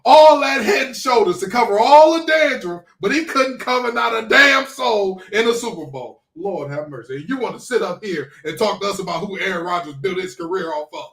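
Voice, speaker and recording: A man co-hosting a sports podcast, trash-talking in an animated way and throwing in preacher-like exclamations. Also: sits high, fairly quick, few pauses. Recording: roomy, far from the mic.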